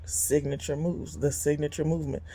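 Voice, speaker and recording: A woman in her fifties, hosting her own vlog, vents in a blunt, casual monologue. She is animated and exasperated, with sudden leaps in pitch and occasional laughs. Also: moderate pace, breathy edge. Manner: animated and exasperated, big jumps in pitch when quoting people; blunt and conversational, with frequent laughs. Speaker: vlog host and business owner.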